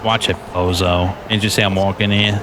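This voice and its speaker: A belligerent New York street tough, as a man puts him on barks at passersby in a gruff, confrontational way. The voice sits fairly low. A clear layer of game noise runs beneath it. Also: flat delivery, brisk, lightly acted. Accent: New York put-on. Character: brash male street tough strutting on a sidewalk.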